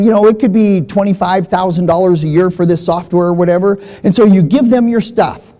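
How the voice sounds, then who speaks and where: Man, seminar speaker, high voice, mellow tone, folksy, repeats himself for emphasis. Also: poor audio. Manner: storytelling, animated, acts out dialogue. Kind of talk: live seminar talk to an audience.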